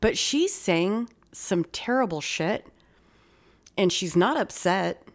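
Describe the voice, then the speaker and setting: A woman host chatting on a true-crime podcast at a middle pitch. Her talk is loose and profane, and she rushes through some stretches in quick bursts. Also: animated.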